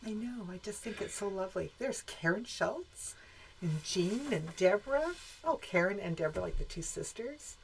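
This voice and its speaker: A woman's voice: mid-range voice, lively intonation, normal speed, gravelly, slight background noise, poor audio. A woman co-hosting a live show, chatting casually and greeting viewers by name. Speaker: co-host of a quilt shop live show. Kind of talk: casual live-stream chat.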